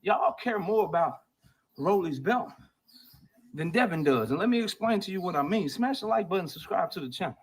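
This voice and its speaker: A man's voice: sits high, lively intonation, a little fast, slightly rough, rough recording. A man talking boxing on his own channel, brash and trash-talking, played as a clip. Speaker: boxing commentator in clips.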